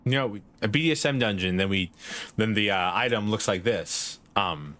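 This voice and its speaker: A man's voice: lowish voice, normal speed, sharp tone. A young man streaming a game, joking, laughing and swearing in casual, rambling commentary.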